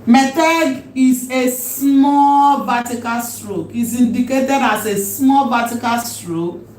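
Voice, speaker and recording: Slow, deliberate woman teaching in an echoey room. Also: on the high side, darkish tone. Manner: deliberate, repeats key words for drill. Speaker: Hebrew teacher. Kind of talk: recorded language lesson. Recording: roomy echo, faint background hum.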